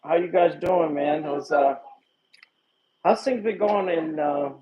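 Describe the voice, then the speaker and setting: A man from Illinois who works as a police detective chats with viewers and laughs easily on a nighttime outdoor phone livestream, a loud crowd around him. His voice is on the high side and slow-paced, and the dull, lo-fi phone audio carries background noise.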